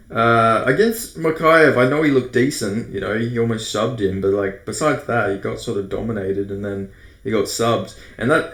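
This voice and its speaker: An Australian man talks through fight predictions in a loose, rambling way. He swears freely and trips over names, and his voice sits at an ordinary middle pitch. The room around him is echoey. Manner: rambling, profane, self-correcting. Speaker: MMA predictions host. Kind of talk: casual fight breakdown monologue. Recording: roomy echo.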